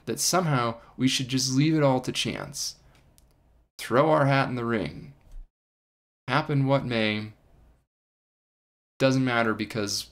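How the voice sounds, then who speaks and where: An earnest man speaks on his livestream at a mid-range pitch. He builds his points with emphasis and sometimes repeats a phrase to stress it. The tone is that of an unscripted commentary. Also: a bit bright. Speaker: climate scientist livestream host. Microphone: livestream microphone.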